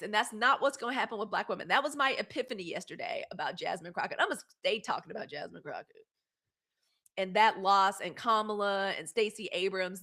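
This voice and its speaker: Fortyish woman hosting her livestream, real candid and emphatic, swears then says sorry, kinda high voice. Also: fairly bright tone. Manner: greets viewers by name and thanks them for gifts. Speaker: host. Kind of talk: solo livestream commentary.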